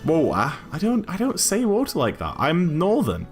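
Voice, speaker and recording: With soft music playing, a man from Newcastle, England, chats while gaming on a stream, his accent a mix of northern and southern English. He speaks at normal speed in a high-pitched voice with huge pitch swings, rambling with frequent restarts and fillers.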